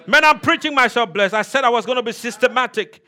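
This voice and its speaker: High, bright-voiced preaching pastor. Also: male voice, fast. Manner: shouting, repetitive declarations to a congregation; drops to soft, low storytelling passages. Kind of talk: sermon.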